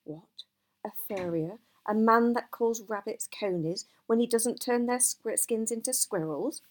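A woman's voice: on the high side, a little slow, pitched above the performer's own voice, lightly acted. A woman voicing a small, timid male hobbit asking bewildered questions in a storybook reading. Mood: puzzled.

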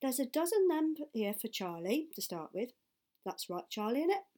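A woman's voice: a little high, very animated, moderate pace, a little mellow, pitched above the performer's own voice. A woman doing a proud easygoing father. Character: proud poacher father, man, easygoing and warm.

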